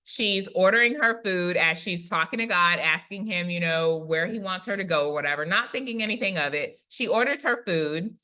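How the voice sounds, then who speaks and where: A woman who is a Christian prophetic speaker, retelling a testimony in a chatty, animated way, often tagging lines with "right?". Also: on the low side, normal speed, hardly any pauses. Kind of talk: conversational storytelling testimony.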